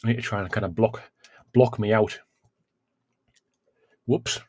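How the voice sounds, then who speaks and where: A man's voice: fairly low pitch, steady tone, unhurried, darkish tone, slightly rough, no room sound, clean studio sound. A man hosting a casual livestream, chatting between coughs, sighs and exclamations as he eats hot chilli. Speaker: livestream host.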